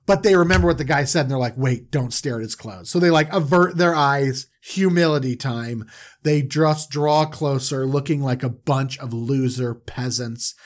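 A man retelling a story in a casual, comedic way, animated and rambling. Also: mid-range voice, moderate pace. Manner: animated, rambling, with many fillers.

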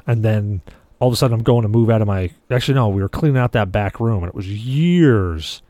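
A man's voice: lowish voice, fairly even intonation, fast, dark tone, no room sound, highs cut off. Swearing, rambling podcast co-host man. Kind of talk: casual chat.

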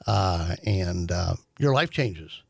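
An older man recounts a family memory in a gravelly, fry-laden voice, pausing often on fillers and restarts. The sound is dry and close, with no room around him. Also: low voice, lively intonation, dry recording. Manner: halting, many fillers and restarts. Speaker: guest, host's father. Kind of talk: conversational storytelling.

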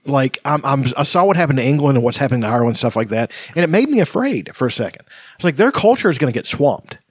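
Man, podcast host, rambling casual chat, frequent swearing, husky, dry close sound. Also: medium pitch, sing-song, quick pace, no room sound.

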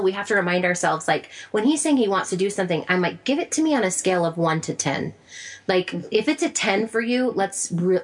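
A married woman in casual group conversation, telling stories and acting out quoted lines. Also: medium pitch.

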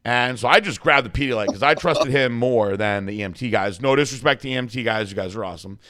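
A man's voice: medium pitch, quick pace, pushed and bright. A man guest coach telling a story in a casual interview, swearing freely and mimicking others in a raised voice. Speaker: podcast guest, bodybuilding coach.

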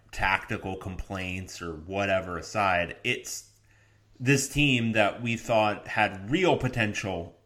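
Male co-host, lowish voice, laid-back, filler-heavy sports chat. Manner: relaxed, many ums, dry humor.

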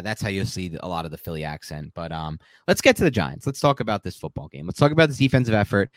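A man co-hosting a sports podcast, chatty and opinionated, talking with animated asides about football film. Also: medium pitch, dry recording. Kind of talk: casual sports podcast chat.

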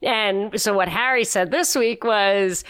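A woman's voice: mid-range voice, slow, fairly bright tone, clear, resonant tone, dry recording. Chatty opinionated woman podcaster. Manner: chatty, opinionated, restarts mid-sentence. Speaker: podcast co-host. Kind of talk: casual conversational podcast.

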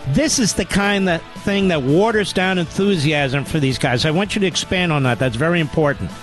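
A man's voice: a little high, expressive, a little fast, music in the background. A man hosting a talk radio show, indignant and emphatic, repeating his points for effect. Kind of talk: talk radio monologue and calls.

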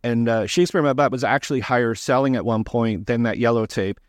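A man, a documentary director, answering interview questions in a casual, halting way, with frequent restarts and fillers. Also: medium pitch, dry recording, clean studio sound.

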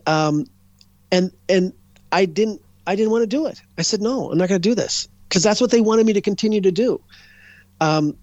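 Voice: mid-range voice, a little mellow, dry recording. A psychic guest in an interview, telling stories in a casual, rambling way, restarting sentences and acting out what others said. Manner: rambling, frequent restarts and self-corrections; acts out other people's words when retelling. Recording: dull, dry lo-fi recording.

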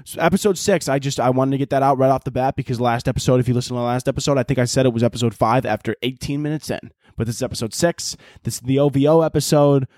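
A man's voice: mid-range voice, fast talker, hardly any pauses, darkish tone, no echo, clean studio sound. A man hosting his own podcast, rambling and joking with lots of swearing. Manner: rambling, profane, jokey, self-interrupting. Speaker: podcast host. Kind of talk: casual solo podcast chat.

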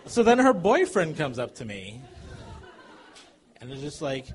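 A man telling a comic true story to a live audience, animated and chuckling as he goes. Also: a little high, unhurried, a faint crowd.

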